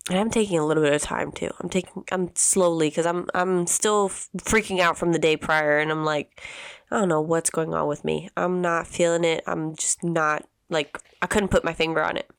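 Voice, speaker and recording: Emotional woman with a gravelly voice. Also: on the low side, fairly even intonation, dry recording, studio quality. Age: 30s. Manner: emotional, halting, many restarts. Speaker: podcast host. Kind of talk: personal storytelling.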